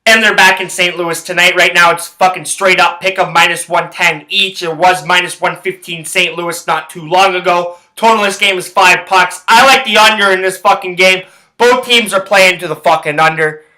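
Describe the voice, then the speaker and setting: A man's voice: high voice, steady tone, moderate pace, bright, forceful tone, poor audio. A man ranting heatedly about hockey and sports betting, swearing constantly and rambling from point to point. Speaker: sports handicapping vlogger. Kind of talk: profane ranting commentary.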